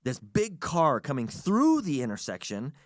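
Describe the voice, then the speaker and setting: Man, podcast host, casual storyteller, chatty, lively swooping pitch, dry close sound. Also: unhurried, no echo. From United States. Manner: animated, chatty, acts out quotes.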